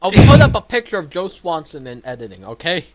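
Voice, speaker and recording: A young man reading a story and commenting on it in a wry, lively way. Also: high voice, a little fast. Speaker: reader and editor.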